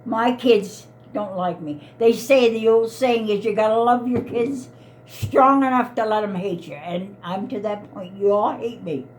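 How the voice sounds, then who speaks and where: An elderly woman in her eighties speaks to her grown children in an upset, pleading voice. She circles back over the same complaints. Her pitch sits in a middling range. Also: unhurried, slight background noise. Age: 80s. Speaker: elderly mother. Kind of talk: heated family argument.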